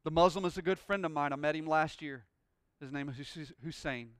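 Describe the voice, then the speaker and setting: A man preaching a sermon, telling a personal story and rising into loud, joyful praise. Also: a little high, fairly quick, no echo, clean studio sound. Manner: exuberant, shouting praise. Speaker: pastor.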